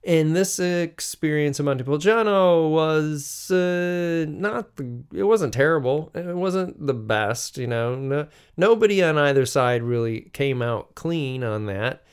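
Podcast host, American man, middle-aged, unhurried reflective monologue, smooth clear voice. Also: fairly high pitch, expressive. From United States. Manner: musing, unhurried, with frequent restarts and fillers.

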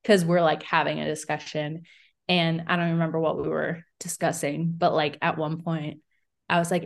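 A woman's voice: deep voice, flat delivery, moderate pace, creaky. A woman co-hosting a podcast in casual chat, telling stories with lots of "like" and acted-out quotes. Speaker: podcast co-host.

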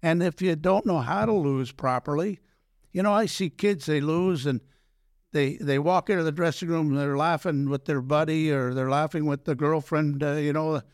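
An older man, a former pro hockey player telling animated stories in an interview, acting out quoted dialogue and often restarting his sentences. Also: on the high side, moderate pace, no echo, studio quality. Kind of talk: storytelling in a podcast interview.

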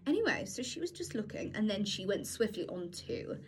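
A woman's voice: medium pitch, a little fast, noisy background. A woman in her twenties, co-hosting a podcast, chatting casually and acting out the people in her stories. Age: 20s. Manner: animated storyteller, acts out quotes. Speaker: podcast co-host. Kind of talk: casual chat.

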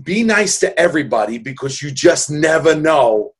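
A New Yorker in his 60s, this balloon artist has a slightly high voice with big pitch swings and speaks at a normal speed. He tells heartfelt, rambling stories in a jokey, casual way.

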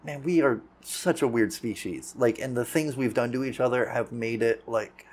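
A man's voice: medium pitch, normal speed, darkish tone, breathy edge. A man hosting a casual podcast interview, rambling, swearing freely, laughing often and searching for words. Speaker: podcast host.

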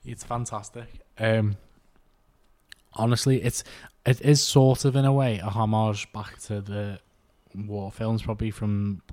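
A man's voice: lowish voice, level tone, a little slow, darkish tone. A man, co-hosting a casual film chat, enthusiastic and rambling. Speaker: film podcast co-host.

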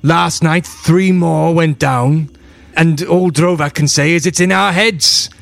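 A man playing a gruff, angry farmer who is worn out and speaks in slow, emphatic, grumbling lines. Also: on the high side, steady tone, a bit bright, dry recording, pitched above the performer's own voice, heavily acted. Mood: urgent. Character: gruff, angry, weary bearded male farmer.

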